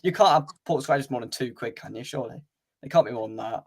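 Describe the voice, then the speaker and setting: A man's voice: medium pitch, fast, a crowd in the background. A man hosting a casual football chat with friends, laughing and joking at his own expense. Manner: laughing, self-mocking banter. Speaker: podcast host.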